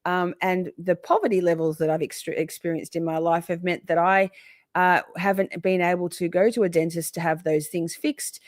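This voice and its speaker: An Australian woman hosting a casual livestream chat, animated and quick to jump into high quoted voices. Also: no echo, studio quality. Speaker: livestream host.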